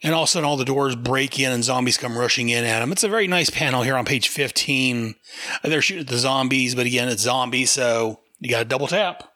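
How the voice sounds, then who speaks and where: A chatty man talks his way through a comic book, laughing as he goes. His voice is bright and forward, recorded close in a dry room. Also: medium pitch, fast talker, no room sound. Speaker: comic book podcast host. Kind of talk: comic book review chat.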